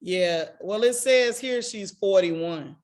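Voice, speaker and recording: A woman in her forties from Jackson, Mississippi, co-hosting a casual podcast. She tells lively stories in a mid-range voice, acting out what people said and laughing often as she goes. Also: mid-range voice, slow pace. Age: 40s. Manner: animated storytelling, acts out quoted voices, laughs often. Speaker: podcast co-host. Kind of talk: casual chat.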